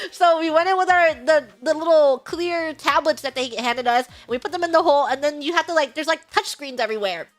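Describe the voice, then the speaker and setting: A young woman streamer casually retelling an outing, animated and laughing often. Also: high voice, moderate pace. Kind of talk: casual storytelling chat. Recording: faint music behind.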